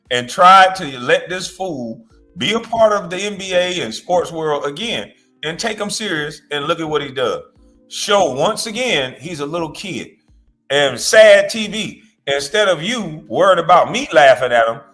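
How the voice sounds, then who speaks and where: A man's voice: on the high side, lively intonation, unhurried, bright, forceful tone, soft background music. A man hosting a reaction show, ranting bluntly and profanely, mocking his target. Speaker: host. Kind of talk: reaction commentary rant.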